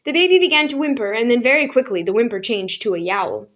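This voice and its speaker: A woman narrating a children's book aloud as a storyteller, calm and even. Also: fairly high pitch, fast talker.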